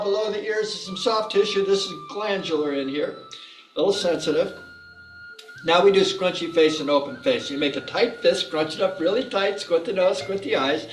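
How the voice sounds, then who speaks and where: High-voiced man leading an exercise class. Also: far from the mic. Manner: upbeat, coaxing, calls out cues and laughter chants. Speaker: fitness instructor. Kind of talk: guided exercise class instruction. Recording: echoey room, voice off-mic, faint music.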